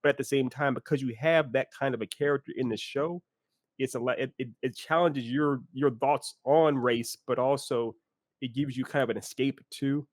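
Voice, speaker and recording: A man co-hosting a podcast in a casual discussion, enthusiastic and animated, with some restarts. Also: mid-range voice, moderate pace, no room sound, clean studio sound. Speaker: podcast co-host.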